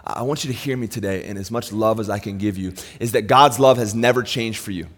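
A man preaching a sermon, swinging from loud, raised emphasis to quiet, low asides. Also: fast talker. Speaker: pastor. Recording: long hall reverb.

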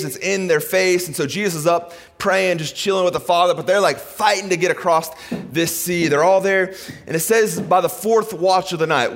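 A middle-aged man preaching a sermon in a church, animated and conversational, swinging between loud excitement and hushed softness. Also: fairly high pitch, long reverb tail. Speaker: pastor. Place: church sanctuary.

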